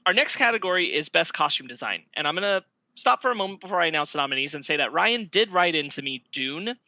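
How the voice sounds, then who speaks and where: Bright-voiced man announcing podcast awards. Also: on the high side, expressive, quick pace, no echo, low-quality recording. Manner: reads out nominees and winners. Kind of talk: casual podcast chat.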